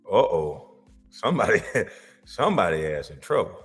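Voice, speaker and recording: Man, reaction commentary, lower voice, long reverb, faint music, animated. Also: normal speed. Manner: animated, laughing, swings from loud to muttered. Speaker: reaction video host.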